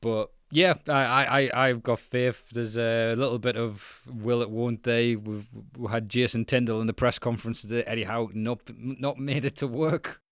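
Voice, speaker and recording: A man's voice: mid-range voice, fairly even intonation, moderate pace, hardly any pauses, a bit bright, smooth, no echo, studio quality. A man co-hosting a football podcast, jokey and rambling, often laughing mid-sentence. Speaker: podcast co-host. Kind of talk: casual football chat.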